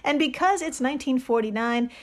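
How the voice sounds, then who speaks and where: A woman co-hosting a podcast who leads each segment as the storyteller. Her voice sits a little high, and she narrates with playful, dramatic flair. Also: expressive, brisk, a little hiss or hum. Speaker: podcast co-host.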